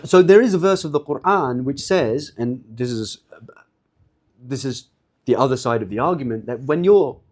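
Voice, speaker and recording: A man lecturing in a loose, conversational way, at an ordinary middle pitch. He restarts phrases and repeats words as he goes, talking directly to his audience. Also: lively intonation, moderate pace, a little mellow. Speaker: shaykh giving a lecture. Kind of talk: informal religious lecture.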